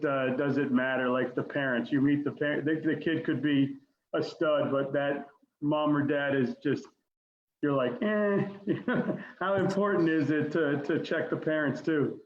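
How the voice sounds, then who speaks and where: A fairly high-voiced man hosts a wrestling interview, chatty and enthusiastic. His audio comes through a muffled, echoey remote connection with a faint hiss behind it. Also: measured pace. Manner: enthusiastic, chatty, laughs easily. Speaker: podcast host and wrestling parent. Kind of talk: casual interview chat. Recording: dull, roomy remote call audio with faint noise.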